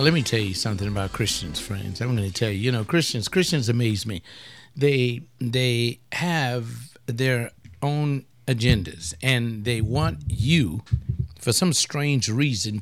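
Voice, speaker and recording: Blunt older pastor hosting a webcast. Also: male voice, mid-range voice. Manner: blunt and provocative, rambling asides. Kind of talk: casual talk-radio monologue.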